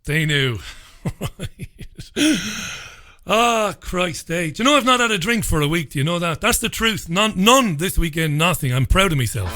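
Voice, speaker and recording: A man's voice: high-pitched, lively intonation, fairly quick, hardly any pauses, sharp tone. A man hosting his own radio show, talking in an irreverent, rambling, jokey way. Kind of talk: casual monologue.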